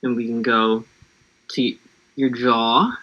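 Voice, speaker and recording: An easygoing, giggly American man who gently guides a relaxing warm-up over a video call. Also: medium pitch, flat delivery, slow pace, highs cut off. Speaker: guest actor. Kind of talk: casual chat, leading a warm-up.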